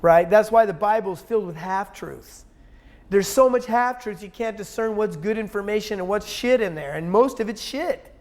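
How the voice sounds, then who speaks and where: Man, high pitch, interview guest; blunt, profane, emphatic, rambling. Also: moderate pace, a little mellow. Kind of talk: casual conversational interview.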